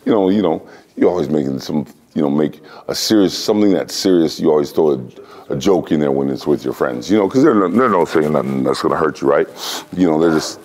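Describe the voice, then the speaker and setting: A man in his forties from the United States tells a casual anecdote as an interview guest. His voice sits very low, with a mellow, relaxed tone. He keeps the telling animated and slips into exaggerated voices for the other people in the story. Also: fairly quick. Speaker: interview guest, former fighter.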